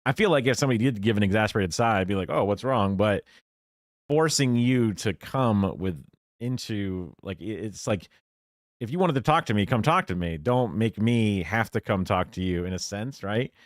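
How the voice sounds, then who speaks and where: A man's voice: on the low side, lively intonation, normal speed, no echo, studio quality. A man streaming, reacting to a clip with casual, opinionated commentary and lots of fillers. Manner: musing, opinionated, many fillers.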